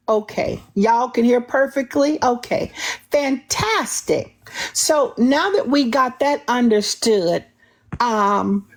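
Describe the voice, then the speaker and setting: A woman hosting a live-streamed call-in show who talks with sassy, confrontational emphasis. She repeats herself and restarts sentences often, and she refers to herself in the third person. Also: on the high side. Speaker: livestream host taking callers.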